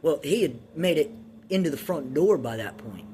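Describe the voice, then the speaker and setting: A man in his thirties tells his life story in a loose, candid ramble, swearing freely and circling back with plenty of ums. His voice sits at an ordinary middle pitch. A faint background hiss runs under the talk. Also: animated, moderate pace. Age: 30s. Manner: candid, rambling, profane, with restarts and filler ums. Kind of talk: casual personal storytelling.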